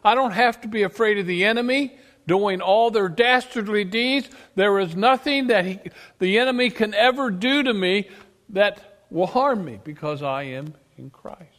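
Speaking at a moderate pace in a high voice, a male preacher swings between loud declarations and quiet asides in an emphatic sermon, his delivery rising and falling sharply as he puts questions to the congregation. The sound carries a church hall's long reverb.

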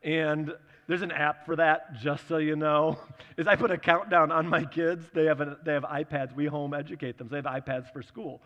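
A man in his thirties preaching, telling a personal story in a chatty, animated way and acting out the dialogue. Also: a little high, normal speed, big-room sound, muffled recording.

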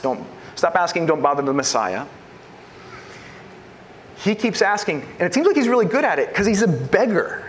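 A man preaching a sermon, asking rhetorical questions and swinging between loud emphasis and hushed lines. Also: a little high, slight background noise. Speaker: pastor.

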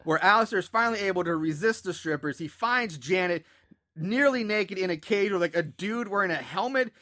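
A man with a high, bright voice casually walks through a movie's plot on a podcast. He stumbles over his words, laughs often and talks loosely. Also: a little fast. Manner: relaxed, laughing, retelling plot with filler words. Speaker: podcast host.

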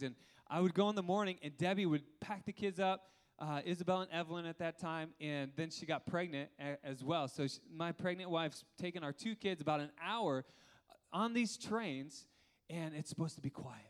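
A man in his thirties preaching a lively sermon, laughing often and asking the congregation questions. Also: a little high. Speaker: pastor.

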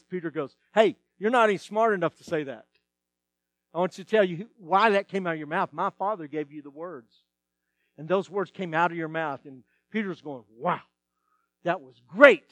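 A man preaching a sermon as pastor, telling stories and acting out the dialogue with lively shifts. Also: high-pitched, dry recording. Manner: animated storytelling, acts out dialogue.

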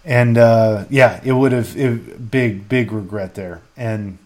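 A man's voice: fairly low pitch, slow pace. A man co-hosting a sports podcast over a video call, agreeing with short replies and dry sarcastic asides.

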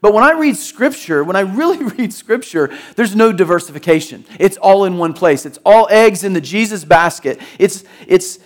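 A man with a high, light voice preaches in a relaxed, conversational way. He is middle-aged and from the Jacksonville, Florida area. He tells stories and slips into quick acted-out voices of the people in them. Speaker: pastor. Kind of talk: sermon.

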